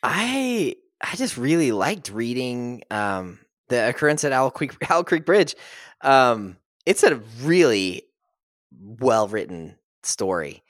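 A man's voice: mid-range voice, slow, no echo, clean studio sound. A man guesting on a podcast in casual chat, telling stories with acted-out quotes and frequent laughs. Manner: animated storyteller who laughs often and acts out quotes.

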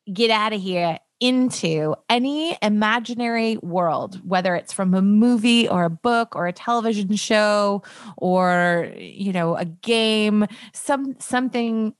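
A woman's voice: mid-range voice, dry recording. A woman hosting a podcast in a chatty, casual way, laughing often as she talks. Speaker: podcast host. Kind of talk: casual chat.

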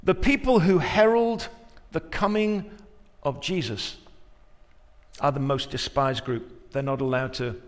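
A male pastor preaching a sermon, moving from quiet reflection to loud, emphatic peaks. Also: mid-range voice, a little slow, long reverb tail.

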